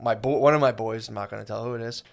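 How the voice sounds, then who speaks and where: Podcast co-host, man in his thirties, quick and chatty, profane, keeps restarting sentences. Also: mid-range voice, steady tone, gravelly. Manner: rambling, profane, restarts often, acts out quoted voices. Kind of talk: casual comedic storytelling.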